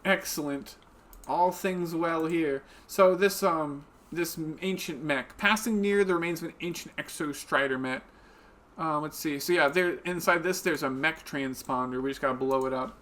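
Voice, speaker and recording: A man's voice: fairly high pitch, normal speed, a bit bright. A man streaming a video game live, chatting and giggling with viewers as he plays, speaking into a desk microphone. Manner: chatty and giggly, talks to viewers while playing. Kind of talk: casual live-stream commentary.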